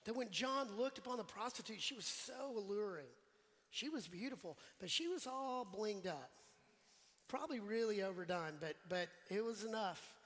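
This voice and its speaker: A male pastor preaching a sermon in a relaxed, conversational way, putting questions to the congregation and joking with them. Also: sits high, normal speed. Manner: conversational, quizzes the congregation, jokes. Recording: long church hall reverb.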